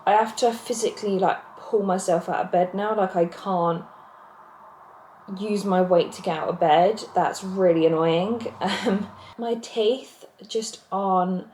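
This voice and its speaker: A woman's voice: mid-range voice, unhurried, darkish tone, roomy sound, slight background noise, rough recording. Breathless pregnant woman vlogging. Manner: candid, rambling, self-interrupting. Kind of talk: casual confessional vlog. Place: home, seated on a squeaky chair. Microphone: camera mic.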